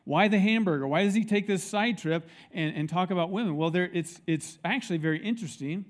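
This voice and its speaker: Animated man preaching a sermon. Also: sits high, brisk. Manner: animated storytelling, acts out quoted people. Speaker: pastor.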